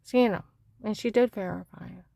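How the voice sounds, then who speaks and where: A woman's voice: medium pitch, normal speed, gravelly, mellow, no echo. A woman giving a rambling, fragmented personal testimony.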